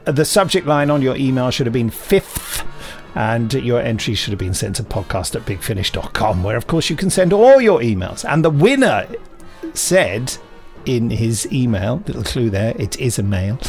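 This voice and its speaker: A man's voice: mid-range voice, very animated, normal speed, a little mellow, faint music behind. A man hosting a podcast, reading out a competition result in a chatty, self-mocking manner. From southern England. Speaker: podcast host. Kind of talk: casual podcast chat.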